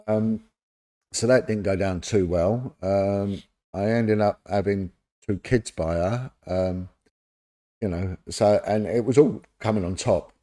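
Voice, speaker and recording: This lowish, slow-paced male voice belongs to a middle-aged Londoner, a former detective appearing on a podcast. In a relaxed interview he shares lively anecdotes, performing the voices of the people he quotes.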